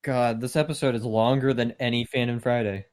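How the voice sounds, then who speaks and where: A man's voice: mid-range voice, fairly even intonation, fairly quick, a little mellow. A man in casual podcast chat, giving short wry reactions. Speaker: podcast co-host.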